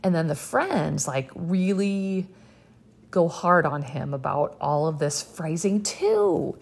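A woman's voice: sits low, sing-song, takes it slowly, vocal fry, breathy edge. A young woman hosting a podcast, recapping a show in a chatty, sarcastic way with lots of fillers. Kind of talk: casual chat.

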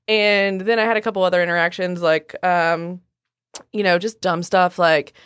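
A young woman co-hosts a casual podcast with dry, wry complaints. Her voice sits fairly low. The sound is close and dry. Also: fairly even intonation, normal speed, a bit bright, clean tone, no room sound. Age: young adult. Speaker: podcast co-host. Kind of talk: casual chat.

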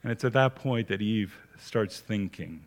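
A man's voice: fairly low pitch, unhurried. A man preaching a sermon, reading scripture aloud and then explaining it with emphasis.

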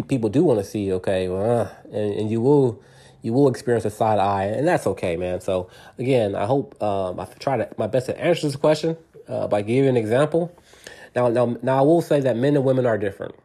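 A middle-aged man talks through listener advice on his podcast in a loose, unscripted monologue. His voice sits a little low, and he circles his points with frequent restarts and repeated words. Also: mellow. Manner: earnest, rambling, many repeated words and restarts. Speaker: podcast host.

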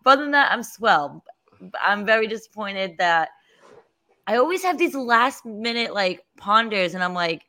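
A woman's voice: mid-range voice, animated, normal speed, pushed and bright, dry recording. A woman on a film panel, chatting casually and a little complaining.

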